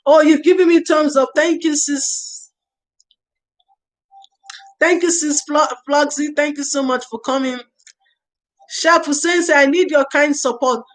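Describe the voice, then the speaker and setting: Hosting a casual livestream on early years parenting, a high-voiced woman reads viewer comments, thanks people by name, and offers earnest advice, repeating her key phrases. The recording quality is low.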